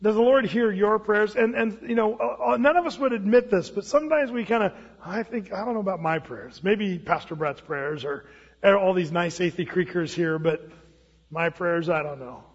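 A man's voice: high voice, moderate pace, breathy edge. A man preaching a sermon in a conversational storytelling way, often restarting phrases. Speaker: pastor. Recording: dull lo-fi sound with long hall reverb.

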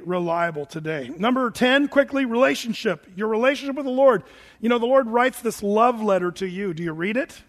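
High-voiced man preaching in a reverberant hall. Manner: animated, emphatic preaching with quoted asides. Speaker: pastor. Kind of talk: sermon.

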